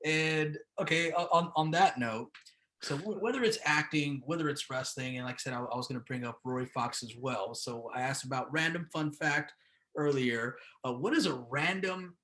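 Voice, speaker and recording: A man's voice: on the high side, normal speed, a bit bright. A man hosting an interview, asking loose, rambling questions with fillers. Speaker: interview host.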